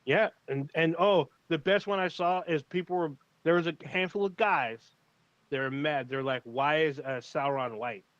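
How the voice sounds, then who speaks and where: A man's voice: on the high side, normal speed, a bit bright, dry recording, lo-fi sound. A man co-hosting a casual livestream chat, talking in a laid-back, rambling way with plenty of swearing and fillers. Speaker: podcast co-host.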